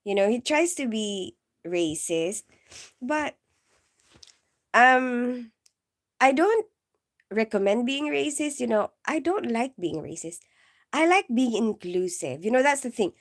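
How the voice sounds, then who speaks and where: Giggly high-voiced woman streamer. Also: lively intonation, takes it slowly, pauses often. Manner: giggly, keeps bursting into laughter; rambling, heavy on "like" and "you know". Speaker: live streamer and nurse. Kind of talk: casual live-stream chat.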